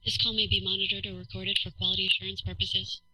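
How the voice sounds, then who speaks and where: An actress playing a woman who answers a company phone in a flat, clipped monotone for a radio drama. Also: mid-range voice, fast, a crowd in the background, natural voice, rough recording. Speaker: office receptionist character.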